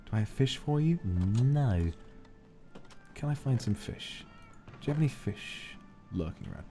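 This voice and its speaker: A man streaming a game, chatting casually in a playful, theatrical way, moving between grand declarations and hushed asides. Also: mid-range voice, expressive, a little slow, long pauses, faint music behind. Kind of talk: casual gameplay stream chat.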